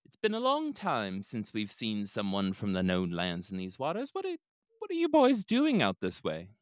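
A man's voice: lowish voice, huge pitch swings, moderate pace, dry recording, clean studio sound. A man voicing the chummy, slightly evasive male captain of a mysterious crew. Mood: friendly.

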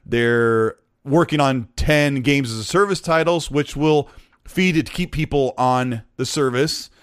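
A man in his forties co-hosting a casual gaming chat, animated and joking with rambling asides. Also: medium pitch, unhurried, smooth, no room sound, studio quality. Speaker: podcast co-host.

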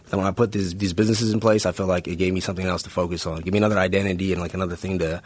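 Male fighter guest, very low voice, rapid casual talk full of "like". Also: flat delivery, no echo. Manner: quick, casual, filler-heavy talk. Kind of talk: casual podcast chat.

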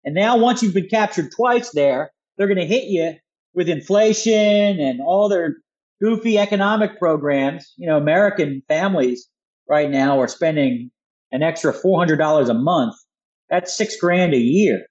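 Man, Philadelphia accent, high voice, combative talk radio guest, muffled line. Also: normal speed, darkish tone. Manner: punchy, combative rhetoric with rhetorical questions. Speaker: guest author.

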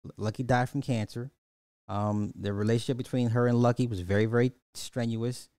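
A man's voice: mid-range voice, steady tone, a little fast, a little mellow, clean tone, no room sound, clean studio sound. A man hosting a podcast, animatedly recapping a movie, repeating phrases and acting out the characters. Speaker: podcast host. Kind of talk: casual movie recap commentary.

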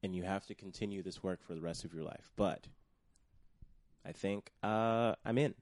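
A man hosting a casual comedic chat show, often pausing with fillers as he talks. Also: deep voice, darkish tone, dry recording. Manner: hesitant, many fillers. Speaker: host.

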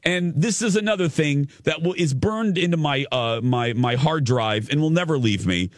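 A man co-hosting a morning radio show, telling a story in an animated, playful way. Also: a little high, moderate pace, dry recording, clean studio sound. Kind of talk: casual morning show chat.

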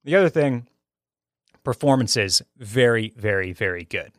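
A man's voice: mid-range voice, expressive, a little slow, no room sound, studio quality. A man hosting a casual chat about a film, talking with enthusiasm and often restarting his sentences. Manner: enthusiastic, talkative, frequent restarts. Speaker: podcast host reviewing a film.

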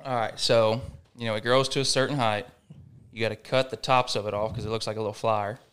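A young man with a smooth, resonant voice that sits on the low side. He tells stories in a relaxed, folksy way, chatting as a guest on a podcast. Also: quick pace. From Western Kentucky. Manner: laid-back storytelling, folksy. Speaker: college baseball coach, guest. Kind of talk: casual podcast chat.

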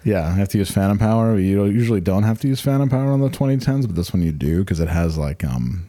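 Male podcast co-host, lowish warm voice, very expressive intonation, loose chatter. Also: fast talker, no echo. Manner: animated, rambling, swearing. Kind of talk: casual chat.

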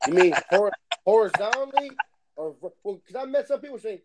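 A man with a high voice for a man, talking fast and loose with lots of laughter and swearing as he mocks clueless bosses. Clear noise and clicks sit under his voice. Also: expressive. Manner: laughing, profane, mocking bosses in quick bursts. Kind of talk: casual chat.

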